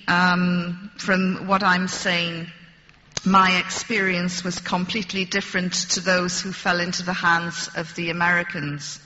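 Slow, wry woman telling a story. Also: medium pitch, sharp tone, big-room sound, muffled recording, a little hiss or hum. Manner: dry, wry humor, deliberate. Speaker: speaker addressing an audience. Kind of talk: storytelling talk.

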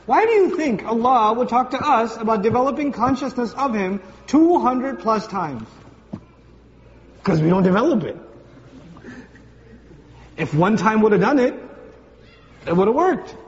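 Male preacher, high voice, playful storytelling delivery; muffled, reverberant hall recording. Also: measured pace, long pauses. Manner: lively, conversational, acts out everyday voices. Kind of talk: sermon. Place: large gathering hall with congregation. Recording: distant voice in a large hall, muffled, faint hum.

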